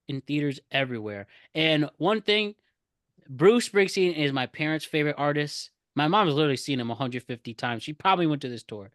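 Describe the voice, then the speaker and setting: Excitable man gushing, dry close sound. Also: a little high, smooth, no room sound. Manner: enthusiastic fanboying, swears casually. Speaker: podcast co-host. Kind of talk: casual chat.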